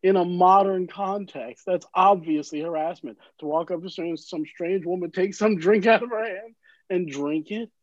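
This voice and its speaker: A man's voice: sits high, moderate pace, no room sound, dull audio. A man in casual podcast conversation, rambling and searching for words, swearing at times. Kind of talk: casual chat.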